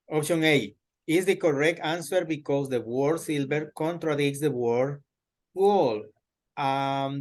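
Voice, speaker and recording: A man teaches English over a video call, speaking slowly and patiently. His voice sits a little high, and he often stops to feed his student the right word. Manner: slow, patient, corrects and prompts the student word by word. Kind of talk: online English lesson.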